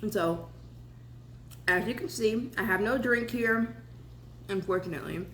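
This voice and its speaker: A woman's voice: medium pitch, a little slow, fairly bright tone. Southern lady chatting while she eats, mouth full, echoey kitchen with some background hum. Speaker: vlogger. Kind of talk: casual mukbang chat while eating. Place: home kitchen.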